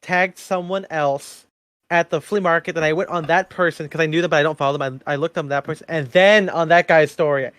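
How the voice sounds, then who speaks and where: A man's voice: fairly high pitch, fairly even intonation, a little fast, a bit bright, no echo. A young man co-hosting a podcast, telling a story in casual chat, acting out quotes and laughing often. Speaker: podcast co-host.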